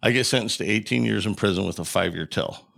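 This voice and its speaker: A middle-aged man from Colorado, a podcast guest, telling a long personal story in an animated way and acting out the dialogue. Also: lowish voice, quick pace, creaky. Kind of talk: storytelling in an interview.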